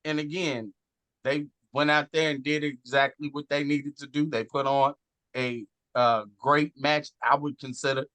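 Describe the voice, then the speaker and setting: A man, talking casually and earnestly as a guest, animated and swearing now and then. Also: on the high side, a little slow, dry recording. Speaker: guest on a wrestling talk show. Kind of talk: casual heartfelt chat.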